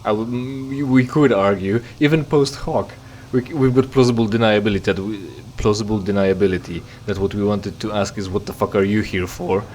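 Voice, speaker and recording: A man's voice: on the low side, steady tone, a little fast, darkish tone, a little hiss or hum. A man giving sarcastic, rambling commentary over a game he is playing and reading its dialogue aloud. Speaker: let's play commentator. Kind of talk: casual gameplay commentary.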